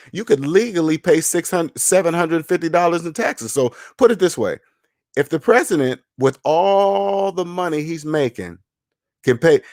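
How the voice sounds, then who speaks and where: A man's voice: a little high, darkish tone, no room sound, studio quality. A man hosting a money channel, lecturing in casual livestream commentary, emphatic and repetitive, answering viewer chat. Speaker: finance channel host.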